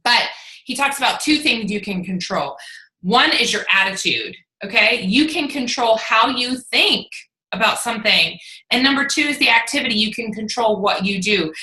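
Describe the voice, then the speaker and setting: Bright, animated woman coach in an echoey room. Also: on the high side. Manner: animated storyteller who swears casually. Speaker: fitness coach. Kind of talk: casual chat recapping an event.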